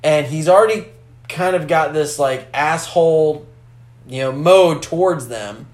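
A man's voice: a little high, a little slow, reverberant. A man co-hosting a casual chat about a film, rambling, swearing freely and acting out characters. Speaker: podcast co-host.

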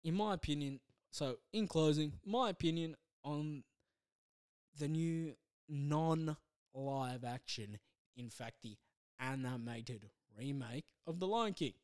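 A man hosting his own podcast, rambling casually through a movie review with self-deprecating asides and halting restarts. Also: a little high, a little mellow, clear, resonant tone. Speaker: podcast host.

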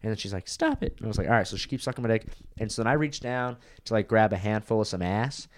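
A man's voice: fairly low pitch, fast talker. A young man, a comedian guest, telling a crude story in a rambling, casual way that is full of "like".

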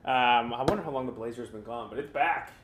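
A man's voice: medium pitch, a little fast, a bit bright, slight background noise. A man co-hosting a podcast in casual chat, rambling and swearing as he goes. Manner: rambling, swearing, mock voices. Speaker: podcast co-host. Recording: echoey room.

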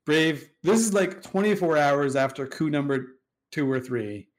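A man's voice: fairly high pitch, expressive, unhurried. A man tells a sprawling story in loose, casual chat. He swears freely and leans on fillers. He jumps into quoted dialogue as he goes. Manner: rambling, profane, acts out quoted dialogue with fillers. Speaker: storyteller guest recounting game history.

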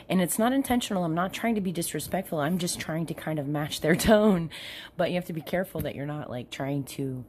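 A woman chatting casually as a guest, relaxed and thoughtful, with light laughter in her speech. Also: sits low, a little hiss or hum. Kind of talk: casual chat.

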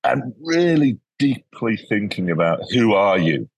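A man tells stories as a guest in a relaxed interview. His voice is low and a bit husky. He acts out the people he quotes, and the recording is dry with little room sound. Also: unhurried, no echo. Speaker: educator guest. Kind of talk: casual interview storytelling.

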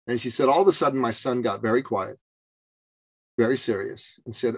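A man from Canada telling a story as a guest on a podcast, in an animated and emphatic way. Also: medium pitch, fairly quick, long pauses, breathy edge, no room sound, low-quality recording. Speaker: podcast guest, business coach. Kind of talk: interview storytelling.

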